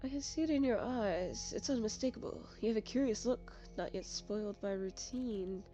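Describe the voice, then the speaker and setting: A woman voicing a calm, knowing three-eyed otherworldly woman in a game, measured in speech, with game music behind. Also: medium pitch, natural voice.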